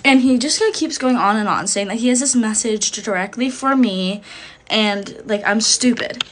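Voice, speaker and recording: A woman's voice: on the high side, normal speed, fairly bright tone, a little hiss or hum. Chatty young woman telling a storytime. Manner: chatty, fills every phrase with "like". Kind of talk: casual storytime vlog.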